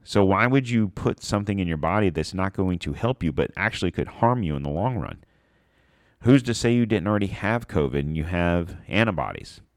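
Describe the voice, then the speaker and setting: A man's voice: low-pitched, expressive, fairly quick, dry recording, clean studio sound. A man ranting bluntly and profanely in a casual opinion monologue.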